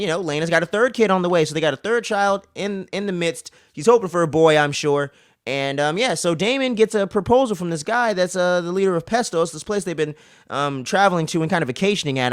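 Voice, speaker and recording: Slangy, animated young man with a fairly high voice. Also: dry recording, studio quality. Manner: slangy and profane, animated retelling. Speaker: recap show host. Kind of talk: casual recap talk.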